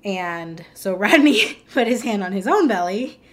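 A woman's voice: medium pitch, expressive, measured pace. A young woman co-hosting a podcast in casual chat, rambling and chatty with lots of "like"s. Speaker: podcast co-host.

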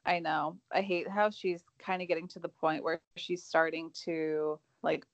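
A young woman co-hosting a casual celebrity gossip chat, agreeable and quick to chime in. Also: sits low, flat delivery, no room sound. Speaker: co-host. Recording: dull lo-fi sound.

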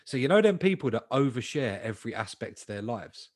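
A man's voice: medium pitch, fast, hardly any pauses, no room sound, studio quality. A young man telling a long, slangy, swear-filled anecdote in a casual podcast chat. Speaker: podcast co-host.

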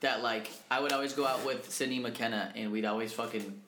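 A young man co-hosting a casual podcast, telling animated stories full of swearing and acted-out quotes. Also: medium pitch, fairly quick. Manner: animated storyteller, swears a lot, acts out quotes. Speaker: podcast co-host. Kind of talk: casual chat. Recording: echoey room, faint noise.

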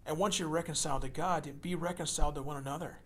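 A man preaching a sermon, swinging from loud emphasis to hushed near-whispers and repeating words as he builds a point. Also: fairly high pitch, fairly even intonation, fast. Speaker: pastor.

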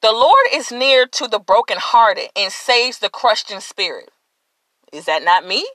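A woman's voice: on the high side, animated, a little slow, sharp tone, no room sound. A woman hosting a podcast, giving an emphatic, preachy motivational faith talk and addressing listeners directly. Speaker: podcast host.

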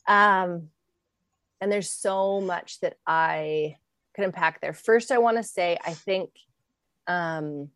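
A woman's voice: fairly low pitch, slow, a bit bright, no room sound, studio quality. A woman podcast host responding to her guest in an affirming, chatty way, with frequent ums. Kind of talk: conversational podcast talk.

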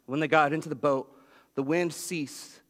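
A man preaching a sermon as pastor, telling a story with lively swings in pitch. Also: normal speed. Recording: long reverb of a large hall.

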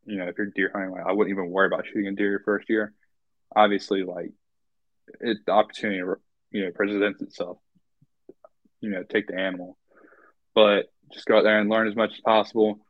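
A man's voice: fairly low pitch, little pitch movement, brisk, long pauses, no room sound. Easygoing man on a dull, dry line. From North Carolina. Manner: easygoing, hesitant, many "um" and "like" fillers. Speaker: podcast guest, hunter. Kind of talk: casual podcast interview.

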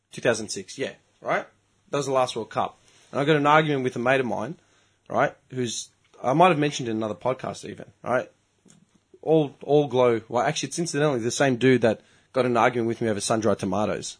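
An Australian man telling a story in a casual podcast chat, heated and full of swearing. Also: mid-range voice. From Melbourne, Australia. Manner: profane, heated storytelling rant. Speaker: podcast host.

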